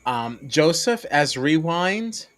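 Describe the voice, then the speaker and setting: A man's voice: on the high side, big pitch swings, takes it slowly, fairly bright tone, slight background noise. A man co-hosting a casual reality-TV podcast, dry and jokey as he reads out captions. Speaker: podcast co-host. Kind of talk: casual chat.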